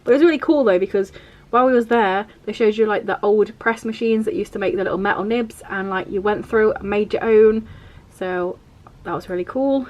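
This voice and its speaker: A woman talks casually in a vlog as she flips through her journal. She rambles a little and leans on filler words. Her pitch sits in an ordinary middle range. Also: brisk, hardly any pauses, darkish tone, dull audio. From England. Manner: chatty, rambling, uses filler like "like" and "vibe". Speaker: vlogger.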